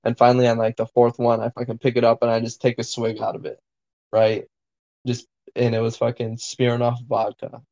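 Dude telling a crazy story, swears constantly, kinda dull lo-fi sound. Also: male voice, medium pitch, brisk. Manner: profane, excitable storyteller, lots of fillers. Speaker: podcast co-host. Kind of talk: casual storytelling chat.

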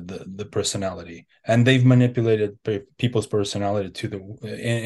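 A man talking in a casual interview, halting and earnest, with frequent restarts and fillers. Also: on the low side, a little mellow. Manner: hesitant, many restarts and fillers. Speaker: interview guest.

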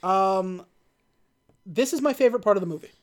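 A woman's voice: medium pitch, normal speed. Young woman retelling a movie. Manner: animated retelling, acts out quotes. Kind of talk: casual chat.

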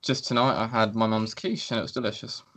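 Sweary, rambling podcast host. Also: male voice, fairly low pitch, steady tone, quick pace, a bit bright. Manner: sweary, self-mocking, rambling. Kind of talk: casual chat.

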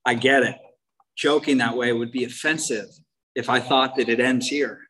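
A man's voice: mid-range voice, steady tone, normal speed, pushed and bright, poor audio. Wry candid man sharing his recovery story. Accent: Californian. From United States. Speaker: main speaker at a recovery meeting. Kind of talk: personal recovery talk.

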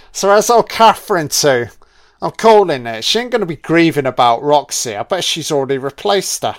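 A man's voice: fairly high pitch, expressive, moderate pace, a bit bright, clean tone. A man giving a casual, jokey film commentary, swearing constantly. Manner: profane, jokey, heavy swearing.

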